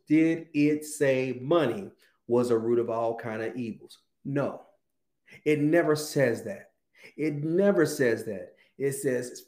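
A male preacher giving a sermon, reading scripture slowly and repeating key phrases for emphasis. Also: medium pitch, a little mellow, reverberant.

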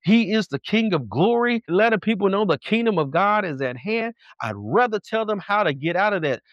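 A fervent male preacher with a somewhat high voice, pressing his points hard. He races through some lines and stretches others out for weight. The sound is dry and close, with no room around it. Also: a bit bright, dry recording. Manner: fervent, emphatic, shifts between fast bursts and slow drawn-out lines. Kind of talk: sermon.

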